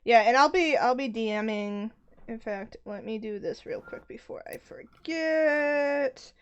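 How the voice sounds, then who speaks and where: Laid-back lady dm on stream, chatty and giggly, higher voice, talks slow. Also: clean tone, dull audio, soft background music. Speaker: game master and streamer. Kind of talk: casual chat setting up a tabletop game.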